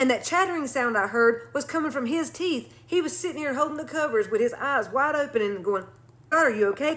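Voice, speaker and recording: Woman telling a creepy story fast, kinda high voice, cusses, talks to y'all. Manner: animated, swears casually, addresses listeners directly. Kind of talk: casual spoken horror story.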